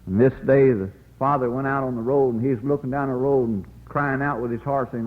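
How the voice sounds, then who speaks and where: A man's voice: mid-range voice, fairly even intonation, fairly quick, few pauses, in a large hall, narrow, tinny audio. A man preaching a revival sermon in a folksy, pleading way, telling the story dramatically as an evangelist.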